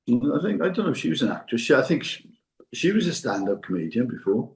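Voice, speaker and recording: A man's voice: mid-range voice, big pitch swings, fast talker, gravelly, low-quality recording. An older man chatting casually with a friend, rambling and restarting his sentences often. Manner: rambling, hesitant, full of restarts and asides. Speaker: podcast co-host. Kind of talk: casual chat between friends.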